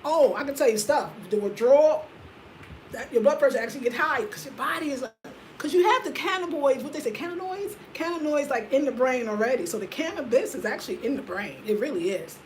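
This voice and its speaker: A woman in her fifties talks straight to her viewers in a loose, slangy chat, full of energy. Her voice sits a little high, and she swings between loud, laughing bursts and quiet, low asides. A faint hiss hangs under the recording. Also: lively intonation, fast talker, rough recording. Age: 50s. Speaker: vlogger. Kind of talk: casual chat to camera.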